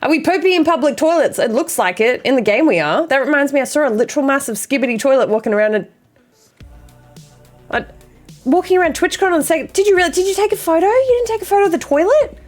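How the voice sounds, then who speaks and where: A young woman streaming a game, chatting excitedly with chat and swearing freely. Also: sits high, fast talker, faint music behind. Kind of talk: casual live-stream chat.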